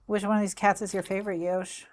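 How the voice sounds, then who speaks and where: A woman's voice: mid-range voice, little pitch movement, quick pace, a little mellow, slight background noise. A woman streaming from her craft desk, chatting playfully and talking to her cat as she works. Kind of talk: casual chat while crafting. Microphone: desk mic, faceless desk view.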